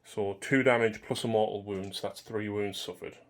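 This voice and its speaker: A man's voice: fairly low pitch, steady tone, moderate pace, slight background noise. A man playing a tabletop wargame, methodically talking through rules and dice rolls in casual commentary. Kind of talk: casual commentary over a game.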